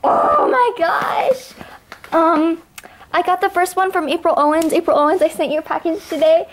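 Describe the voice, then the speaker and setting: A young woman vlogging an unboxing of toys she got in trades, gushing and excitable, often gasping with delight. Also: very high-pitched, brisk, slight background noise. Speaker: toy collector vlogger. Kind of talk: unboxing vlog.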